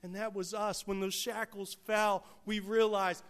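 A man preaching a sermon, swinging from hushed, quiet passages to loud, emphatic peaks. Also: sits high, level tone, measured pace, clear, resonant tone.

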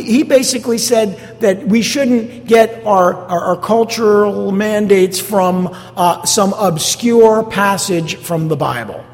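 A man's voice: very high voice, creaky. A male pastor preaching a sermon, emphatic, repeating key phrases and asking the congregation rhetorical questions. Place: church sanctuary. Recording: long church hall reverb.

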